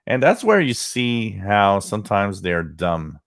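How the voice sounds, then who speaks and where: A man talks on his livestream in a loose, rambling way, drifting between stories and shout-outs to viewers. His voice sits on the low side. The sound is dry, with no room around it. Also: very animated, a little slow, no room sound. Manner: rambling storytelling, greeting chat viewers by name. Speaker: livestream host. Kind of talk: casual chat.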